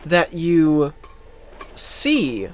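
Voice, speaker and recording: An excitable woman rambles through a movie commentary, breaking into laughs and asides. Her voice swings widely up and down as she gushes. Film music plays clearly beneath her. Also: sits low, very slow. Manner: enthusiastic, rambling, laughs often.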